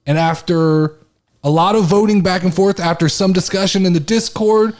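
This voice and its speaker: A man co-hosting a casual sports podcast, telling stories in an excitable way and swearing now and then. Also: sits high, moderate pace. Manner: excitable, animated storytelling with swearing. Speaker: podcast co-host.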